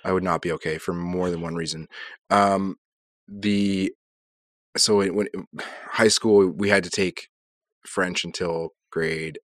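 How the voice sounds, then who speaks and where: Deep-voiced man, dry humour. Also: a little slow, no echo. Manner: relaxed, dry humour, calls his friend bro. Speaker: podcast co-host. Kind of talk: casual chat.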